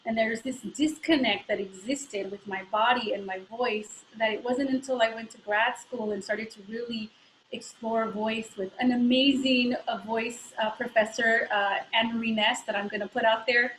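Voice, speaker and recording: A woman from the Bay Area speaking in a slightly high voice, earnest and reflective, with easy filler pauses. She talks over a computer mic in an echoey room with a faint hiss behind her. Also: steady tone, fairly bright tone. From San Francisco Bay Area. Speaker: guest actor and voice teacher. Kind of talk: casual live interview. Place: home, on a live video call.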